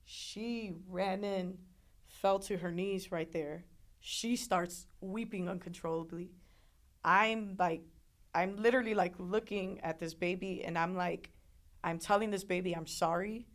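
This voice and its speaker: A woman telling a painful personal story in an interview, emotional and halting, with frequent restarts. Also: lowish voice, fairly even intonation. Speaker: interview guest.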